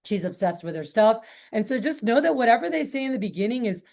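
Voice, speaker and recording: A woman's voice: fairly high pitch, very animated, fast talker, vocal fry, darkish tone. A woman sales trainer telling a customer story in a chatty way, with many fillers and restarts. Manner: chatty, lots of fillers and restarts, quotes people.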